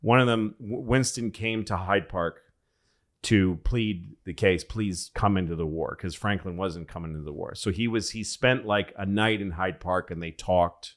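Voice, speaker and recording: Low-voiced man telling rambling comic stories. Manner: rambling, profane, restarts. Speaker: comedian podcast host. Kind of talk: casual comedic storytelling.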